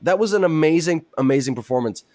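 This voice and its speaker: A man's voice: a little high, animated, quick pace, mellow. Panel guy, strong opinions, says it straight out. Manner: opinionated, emphatic. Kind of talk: casual panel discussion.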